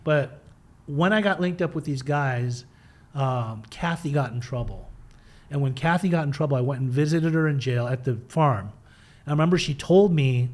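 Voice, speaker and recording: A middle-aged man candidly telling his own recovery story in an interview, animated and casual, acting out the voices of people in it. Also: mid-range voice, moderate pace. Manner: animated, acts out quoted voices, swears casually.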